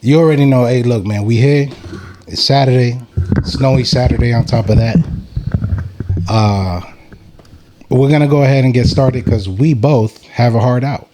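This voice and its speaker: A man's voice: medium pitch, moderate pace, long pauses, background noise. Playful man hosting a casual podcast. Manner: playful, joking hype-man banter. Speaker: podcast host.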